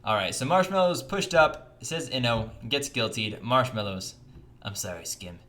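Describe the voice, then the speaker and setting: Lively young American streamer. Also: male voice, normal speed. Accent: General American. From United States. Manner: upbeat, jumps in pitch when greeting chatters. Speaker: livestream host. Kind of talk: casual livestream chat reading donations.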